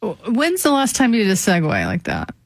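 A man from Nebraska co-hosting a talk radio show, playful and quick to laugh in casual banter. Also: sits high, wildly swooping pitch, creaky, no echo, studio quality. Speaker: radio co-host.

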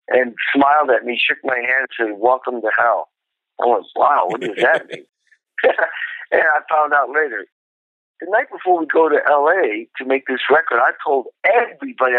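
A middle-aged man, a drummer, telling an animated, profane story about his early career. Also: medium pitch, dry recording. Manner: animated, profane, acts out quotes. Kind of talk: storytelling interview. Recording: tinny phone-like line.

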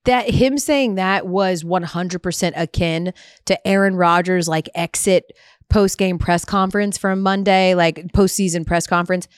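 A woman hosting a casual sports talk show, telling stories in a brisk, wry way. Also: on the low side, steady tone, clean tone, no room sound, clean studio sound. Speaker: podcast host.

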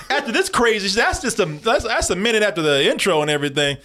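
A man co-hosting a movie podcast and riffing loosely, with lots of swearing and jokes. His voice is high and jumps around a great deal. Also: fairly quick, hardly any pauses. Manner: animated, profane, joking, quoting characters. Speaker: podcast co-host reviewing a film. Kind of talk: casual chat.

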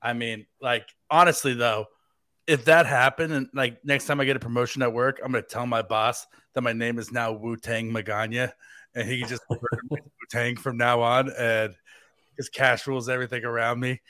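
With clean, echo-free studio sound, an American fill-in sports podcast host living in Tampa, Florida speaks briskly at medium pitch. His voice is pushed and bright with fairly even intonation, and his banter rambles playfully with plenty of jokes.

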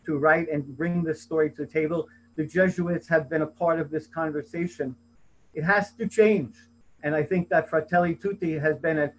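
Man, fairly high voice, earnest panel talk, hurried, emphatic quotes, video call. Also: rough recording.

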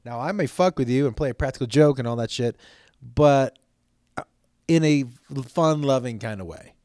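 A man's voice: medium pitch, moderate pace, darkish tone, clear, resonant tone, dry recording, clean studio sound. A man hosting his own podcast in casual solo chat, rambling and jokey, swearing freely, with stammered restarts. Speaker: podcast host.

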